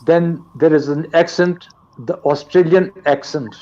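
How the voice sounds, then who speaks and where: Older guy from pakistan teaching english real slow, kinda high voice. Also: fairly even intonation, mellow, highs cut off, slight background noise. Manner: slow, deliberate, lecturing. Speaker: guest teacher. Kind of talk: live online English lesson.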